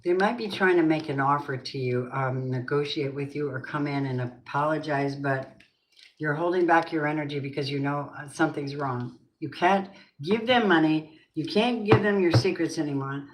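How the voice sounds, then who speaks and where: A low-voiced woman reads tarot cards and muses aloud. She asks the cards and spirit questions as she goes. The sound is roomy with a faint hiss. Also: moderate pace. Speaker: tarot reader. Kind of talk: tarot card reading. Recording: roomy echo.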